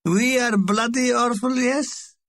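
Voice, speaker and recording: A man's voice: very high-pitched, slow pace, a bit bright, voice pushed up, full character voice. A man voicing a young woman who asks a question with a perfectly straight face. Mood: earnest. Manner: earnest, straight-faced questioning. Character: young woman, the narrator's sweetheart.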